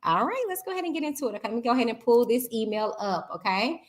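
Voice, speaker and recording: A woman in her thirties hosting a live-stream chat show, talking in a lively, chatty way with many fillers and tag questions. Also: a little high, very fast, a little hiss or hum. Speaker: talk show host.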